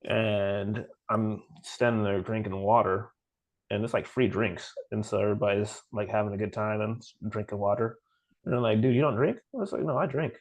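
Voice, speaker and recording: A man's voice: lowish voice, level tone, moderate pace, low-quality recording. A man co-hosting a podcast, telling a story in casual chat and acting out the dialogue he quotes. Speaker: podcast co-host.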